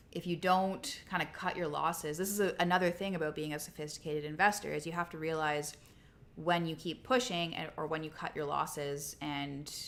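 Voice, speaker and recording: Low-voiced woman co-hosting. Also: fairly bright tone. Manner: conversational, many restarts. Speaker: co-host. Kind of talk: casual livestream chat.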